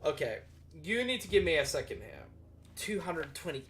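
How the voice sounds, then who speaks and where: A woman's voice: low-pitched, moderate pace, a little hiss or hum. A woman narrating as dungeon master of a tabletop game, swearing and laughing as she goes. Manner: animated, swears, laughs often.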